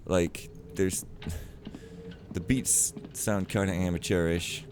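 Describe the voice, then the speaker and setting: Here a let's player talks slowly in a low voice with fairly even intonation. His casual gameplay commentary wanders into rants that he keeps breaking off, and the background is noisy.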